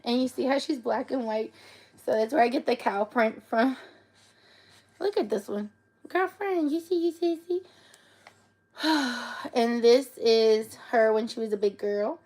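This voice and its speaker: A woman's voice: on the high side, gravelly. A woman hosting a casual live stream, talking emotionally and often tearfully. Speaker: livestream host.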